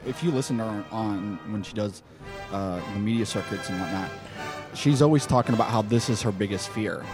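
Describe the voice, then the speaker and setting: A man co-hosting a podcast, explaining things in relaxed casual chat. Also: fairly low pitch, fairly quick, music in the background. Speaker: podcast co-host.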